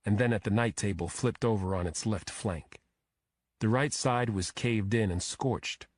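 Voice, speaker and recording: A man narrating a first-person crime thriller audiobook in a steady, measured way. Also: lowish voice, no echo.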